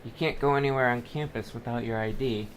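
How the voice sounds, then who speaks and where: A man's voice: medium pitch, steady tone, fast talker, a little hiss or hum. A young man talking to his own camera on a college campus in a casual, rambling monologue, often repeating and correcting himself as he goes. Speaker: vlogger.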